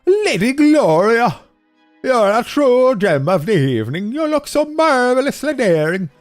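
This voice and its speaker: A fawning young nobleman in a game, pompous and overblown, voiced by a man in a hammy yokel drawl. The voice sits high and swoops widely, with faint music behind. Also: big pitch swings, measured pace, heavily acted.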